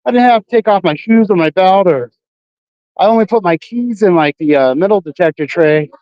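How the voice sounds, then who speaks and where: A man with a high voice chats casually to his stream while out on the streets at night. He rambles, swears freely and leans on fillers. The sound is dull and lo-fi, dry and close. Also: animated, fairly quick, no echo. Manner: rambling, profane, full of fillers. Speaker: livestreamer. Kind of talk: casual livestream chat. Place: outdoors on city streets at night.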